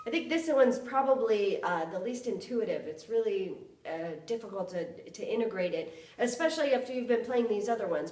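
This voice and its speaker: A woman's voice: medium pitch, animated, normal speed, few pauses. A woman flute instructor giving a lesson, counting beats aloud and singing articulation syllables. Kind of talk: music lesson, counting and demonstrating. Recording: echoey room, voice from a distance. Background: flute playing.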